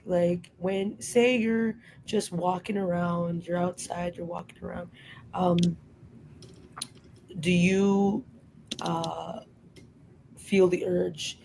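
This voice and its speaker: A woman co-hosting a podcast, asking questions in a slow, hesitant, soft-spoken way. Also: lowish voice, creaky, slight background noise, poor audio. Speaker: podcast co-host. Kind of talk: casual interview questions.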